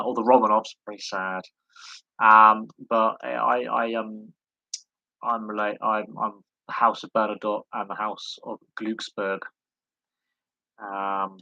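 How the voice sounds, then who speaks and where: Guy on a live stream just rambling, bright crisp voice, dry close sound. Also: on the low side, dry recording, low-quality recording. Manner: rambling, wanders off on tangents; self-mocking, chuckles at himself. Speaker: live stream host answering chat. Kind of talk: casual live Q&A chat.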